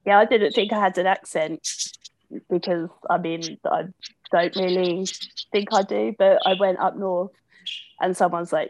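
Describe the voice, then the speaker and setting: A woman's voice: on the low side, fairly even intonation, moderate pace, darkish tone, dry recording, lo-fi sound. A woman with a Bedfordshire accent who interviews an author in a chatty, upbeat way. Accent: Bedfordshire English. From Bedfordshire, England. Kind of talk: casual interview chat.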